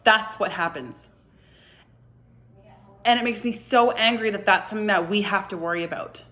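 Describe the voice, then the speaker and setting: A woman in her twenties telling a personal story to camera in a halting, emotional way, often dropping to a hushed voice. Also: mid-range voice. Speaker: vlogger.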